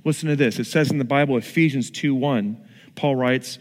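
A middle-aged man preaching a sermon, telling stories with lively, animated swings in his voice. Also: medium pitch, normal speed, long reverb tail. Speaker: pastor.

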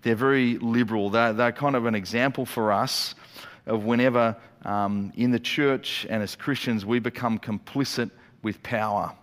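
A man preaching a sermon as a pastor, telling the story in a lively way with quick acted-out asides. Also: medium pitch. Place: church auditorium. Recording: long reverb of a church hall.

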